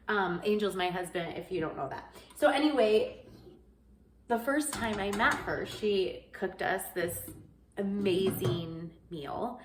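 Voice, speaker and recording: A woman's voice: medium pitch, fairly bright tone. Earnest woman in an echoey room. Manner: earnest, rambling, heavy on "like" fillers. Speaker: lifestyle vlogger. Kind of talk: casual faith-based chat.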